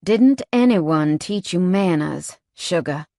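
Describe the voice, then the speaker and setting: A woman voicing a cocky, flirtatious male biker who teases with a slow drawl. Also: on the low side, animated, mellow, no echo, clean studio sound. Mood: teasing. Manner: teasing drawl, calls her sugar.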